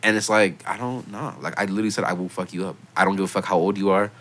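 Fast-talking young man telling stories. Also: low voice. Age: young adult. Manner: animated storytelling, loud and heated when quoting himself. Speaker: podcast host. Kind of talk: casual podcast chat.

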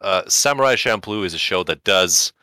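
Deep-voiced, animated male podcaster. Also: normal speed, no echo, clean studio sound. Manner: animated, recommending shows with wry humor. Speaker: podcast co-host. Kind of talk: casual chat.

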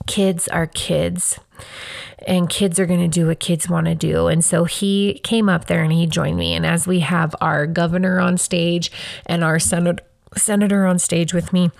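A woman in her thirties hosts her own podcast, talking in a reflective, earnest way. Her voice sits low with a gravelly fry. The recording is dry, with no room sound. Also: dry recording. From Wyoming, US. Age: 30s. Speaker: podcast host. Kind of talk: personal casual talk.

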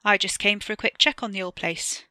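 A woman's voice: mid-range voice, a little fast, sharp tone, dry recording, studio quality. A woman voicing a brusque older man. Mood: stern. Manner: brusque, probing questions. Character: stern older man with a lilting accent.

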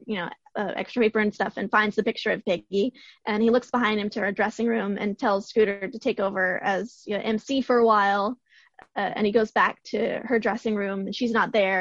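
A young woman co-hosting a podcast, her voice hoarse, retelling a film's scenes in a rambling, excited way. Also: medium pitch, no echo, muffled recording. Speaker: podcast co-host. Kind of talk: casual chat.

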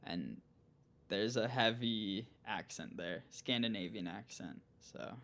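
A young man from Minnesota, a guest on a podcast, talking casually and relaxed, laughing easily. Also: on the low side, takes it slowly. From central Minnesota, US. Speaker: guest, pro cyclist. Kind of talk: casual interview chat.

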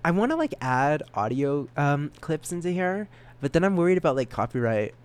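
A man's voice: a little high, big pitch swings, moderate pace, smooth. A young man hosting a solo podcast, rambling and giggling at himself, with a stutter. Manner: rambling, giggly, self-mocking. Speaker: podcast host.

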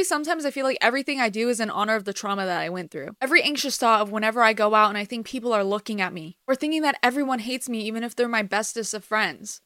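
An eighteen-year-old woman hosts a confessional podcast. Her voice is bright and a touch high, recorded dry and close. She talks candidly, swears freely, and swings from quiet reflection to sudden emphasis. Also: no room sound. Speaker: podcast host. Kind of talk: personal confessional monologue.

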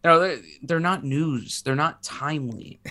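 A man's voice: a little high, normal speed, sharp tone. A man who is sick, co-hosting a sports podcast in casual chat, rambling and self-mocking with many restarts. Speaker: podcast co-host.

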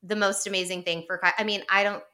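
A woman's voice: medium pitch, level tone, quick pace, sharp tone. A woman co-hosting a podcast, recapping a reality show in rambling casual chat full of "like". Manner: rambling, filler-heavy storytelling with lots of "like". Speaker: podcast co-host.

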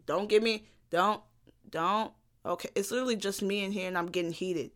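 A woman's voice: medium pitch, moderate pace. A young woman hosting a solo podcast, delivering a heated, profane, sarcastic rant alone in a room. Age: young adult. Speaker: podcast host.

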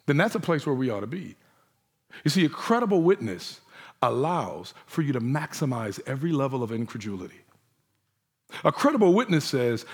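A man's voice: a little high, sing-song, a little fast, husky. A man preaching a sermon in a conversational way, acting out the voices of the people he quotes. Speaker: pastor.

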